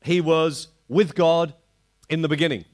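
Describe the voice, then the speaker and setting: An older man preaching a sermon to a congregation, animated, slowing down to stress quoted verses. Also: on the high side. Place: church hall before a live congregation.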